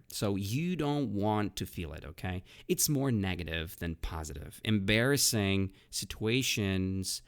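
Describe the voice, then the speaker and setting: A man hosting a casual vocabulary lesson podcast. He explains words slowly with many fillers and keeps checking in with "right?" and "okay?". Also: sits low, creaky. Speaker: English teacher, podcast host.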